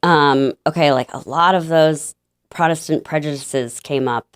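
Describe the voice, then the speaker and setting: A woman guest telling a personal faith story in an interview, halting and emotional, with many fillers and restarts. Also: low voice, clean tone, no echo, studio quality.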